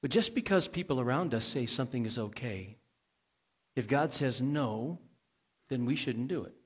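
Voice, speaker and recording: A man's voice: mid-range voice, animated, moderate pace, husky. A male pastor preaching a sermon in a conversational way, asking the congregation questions and adding folksy asides.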